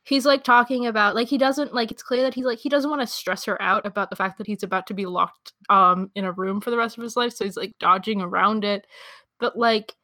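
A young woman co-hosting a casual chat, talking in quick asides and laughing often. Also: mid-range voice, steady tone, pushed and bright, no room sound. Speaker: podcast co-host. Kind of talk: casual chat about anime.

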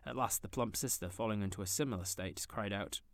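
A man reads a classic tale aloud with expressive, dramatic pacing. His voice sits a bit low and the recording is dry and close. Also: fairly quick, no echo. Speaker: narrator. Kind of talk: storybook reading.

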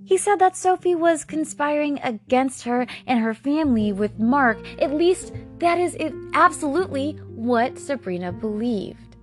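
A woman in her thirties with a fairly high, very lively voice hosts a true-crime show. She talks in a casual, profane way, sarcastic and exasperated, and faint music plays underneath her. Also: a little slow, few pauses. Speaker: podcast host.

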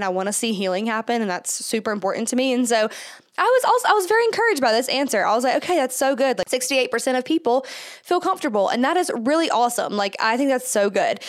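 Chatty, slightly breathless woman podcaster. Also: a little high. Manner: chatty, filler-heavy, laughs often. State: stuffed-up nose. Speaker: podcast host. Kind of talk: casual solo podcast talk.

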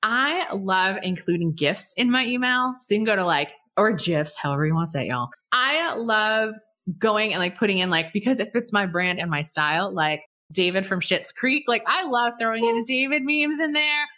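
A woman guest on a podcast, talking about email marketing in a bubbly, animated way, often laughing and acting out examples. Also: mid-range voice, normal speed. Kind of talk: casual podcast conversation.

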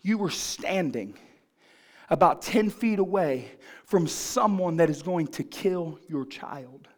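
A man's voice: fairly high pitch, lively intonation, slow pace. A man pastor preaching a sermon, asking the congregation questions and building in fervor.

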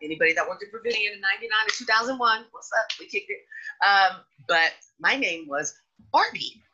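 A woman hosting a podcast in casual chat, candid and animated, now and then slipping into high mocking voices. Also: quick pace, slightly rough. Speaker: podcast host. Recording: dull lo-fi audio.

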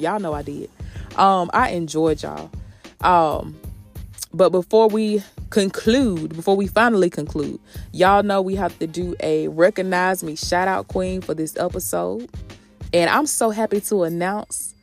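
A woman hosting a motivational podcast, talking in a sassy, preachy way, calling her listeners sis and honey. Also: fairly low pitch. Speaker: podcast host.

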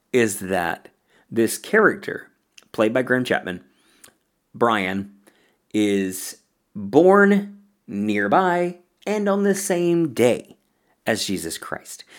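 A man hosting a podcast and chatting casually about films he loves, often breaking into laughter as he talks. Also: medium pitch. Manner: laughs often while talking. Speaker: podcast host. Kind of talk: casual film review chat.

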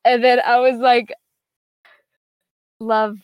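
A woman's voice: mid-range voice, normal speed, no echo, muffled recording. A teenage girl chatting casually, telling a long story full of fillers and quoted back-and-forth. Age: teens. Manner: rambling, filler-heavy, quotes others. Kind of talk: casual chat.

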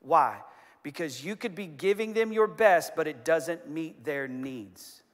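A man in his forties preaching a sermon from a stage, telling stories in an animated, emphatic and self-deprecating way. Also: a little high, measured pace. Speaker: pastor. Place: stage in a large hall. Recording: reverberant hall.

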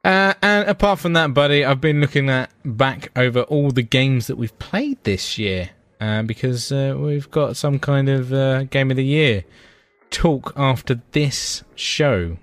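A man's voice: medium pitch, measured pace, fairly bright tone, dry recording. A man co-hosting a casual podcast, swearing freely and ranting with energy. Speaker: podcast co-host. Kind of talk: casual chat.

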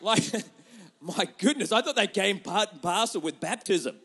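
Young pastor guy with a high voice, super animated sermon, goes loud then hushed. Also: husky. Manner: animated storytelling with quick shifts between loud and hushed.

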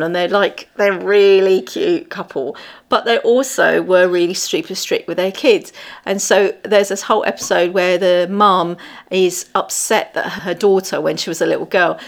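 Chatty woman, low voice. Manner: chatty, laughs easily while talking. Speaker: podcast co-host. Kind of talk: casual chat about TV.

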